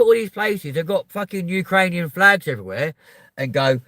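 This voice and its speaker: A man from Kent, ranting on a live stream and answering chat, swearing and often rising to shouting. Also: high voice, expressive, moderate pace, dry recording. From Kent, England. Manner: profane, heated, swings into shouting. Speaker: livestreamer.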